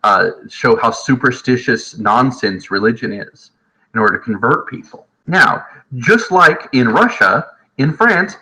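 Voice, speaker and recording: A man teaching history from home in a casual, jokey lecture, often slipping into quick voices of historical people. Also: mid-range voice, lively intonation, sharp tone, poor audio.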